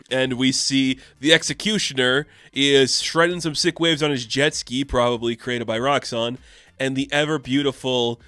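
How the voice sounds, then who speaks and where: Excited rambling man doing a comic review vlog, swears a lot, mid pitch, dry close mic. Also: clean tone, no echo.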